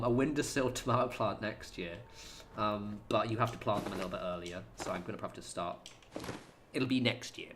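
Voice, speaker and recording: A man's voice: on the low side, a bit bright, a little hiss or hum. A man chatting casually on a gaming livestream at home, rambling and swearing freely. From United Kingdom. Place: home apartment.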